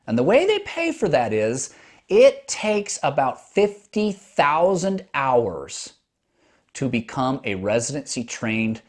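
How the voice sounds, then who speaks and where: A man's voice: mid-range voice, wildly swooping pitch, takes it slowly. A man hosting a podcast, a doctor explaining things step by step in a conversational monologue with frequent restarts.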